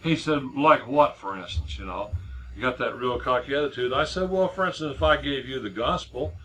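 A man's voice: mid-range voice, fairly quick, pushed and bright, a little hiss or hum, rough recording. A middle-aged man preaching a sermon in a conversational way, with many restarts and repeated words as he tells a story.

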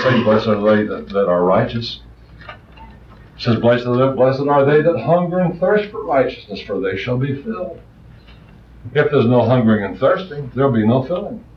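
Fiery preacher guy, swings loud then hushed, old muffled tape off in a roomy hall. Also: on the low side, recorded from a distance, a little hiss or hum. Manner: impassioned, swings between loud rises and soft asides. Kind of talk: sermon.

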